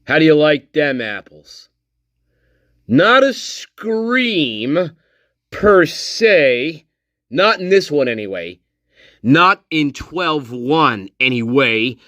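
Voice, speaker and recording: A man hosting a livestream, slowly reading out and mocking a statement in a profane rant. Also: fairly high pitch, big pitch swings, fairly bright tone, no room sound, clean studio sound. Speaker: channel host. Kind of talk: livestream commentary.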